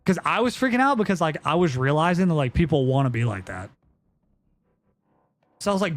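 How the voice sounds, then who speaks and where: A man's voice: on the high side, sing-song, fast talker, no room sound. A young man chatting casually on a live stream, telling a story in a rambling way with lots of fillers and swearing.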